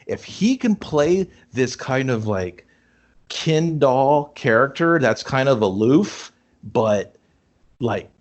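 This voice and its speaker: A man co-hosting a casual movie review podcast, talking in an animated, profane way and acting out lines from the film. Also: medium pitch, slow pace, lo-fi sound. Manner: animated, swears a lot, acts out lines in funny voices. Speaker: podcast co-host.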